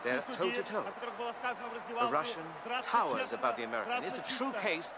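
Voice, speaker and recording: An actor playing an excited male boxing announcer giving dramatic commentary in an old film soundtrack. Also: sits high, moderate pace, vocal fry, over loud music, heavily acted. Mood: hyped. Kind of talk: sports commentary.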